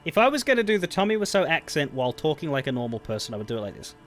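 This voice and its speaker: A man's voice: a little high, very animated, rapid-fire, soft background music. A man live-streaming a game, commenting casually in a rambling, self-interrupting way.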